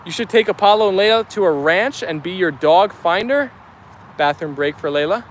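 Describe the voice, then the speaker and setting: A man's voice: high voice, lively intonation, moderate pace, slight background noise. A young man from New Jersey with a New York Italian accent, chatting casually while reading live-stream comments aloud, upbeat and full of fillers. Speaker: vlogger reading live chat.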